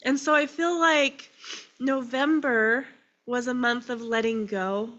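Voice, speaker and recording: A woman minister preaches very slowly, her voice choked with tears between short phrases. Her voice is bright and fairly high. The recording sounds dull and lo-fi. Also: fairly even intonation. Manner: slow, emotional and tearful, with pauses between phrases. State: crying. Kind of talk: sermon.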